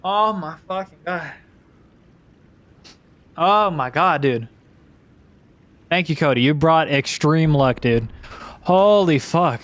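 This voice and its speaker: A man streaming a video game, commenting casually and excitedly with constant swearing. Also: fairly high pitch, slow pace, long pauses.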